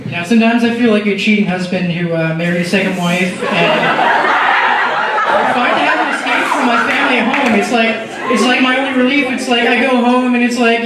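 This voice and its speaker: Teen boy speaking in an echoey hall. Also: very high voice. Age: teens. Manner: earnest, halting, many "you know" fillers. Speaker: student giving a farewell speech. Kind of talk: heartfelt personal speech. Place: large school hall or auditorium. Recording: echoey distant hall mic with noise.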